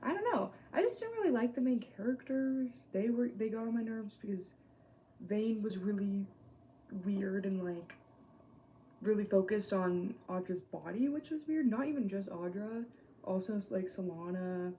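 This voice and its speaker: Young woman, casual vlog chat, warm mellow tone, blunt, swears freely, hesitant trailing asides. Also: medium pitch, expressive, moderate pace, slight background noise. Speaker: reading vlogger.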